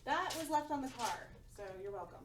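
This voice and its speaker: A man doing Faye, a high-voiced curt woman. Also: sing-song, a little fast, echoey room, a little hiss or hum.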